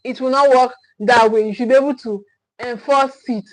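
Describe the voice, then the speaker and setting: High-voiced woman coaching emphatically. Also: steady tone, normal speed, dry recording, low-quality recording. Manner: emphatic and repetitive, restating key phrases; frequent restarts and checking "okay?". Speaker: parenting coach. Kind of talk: livestream teaching talk.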